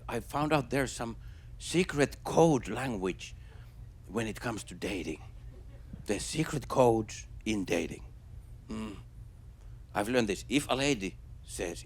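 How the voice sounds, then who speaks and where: A man doing a stand-up comedy set on stage before a live audience. He talks haltingly, with many restarts and fillers. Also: medium pitch. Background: audience laughter.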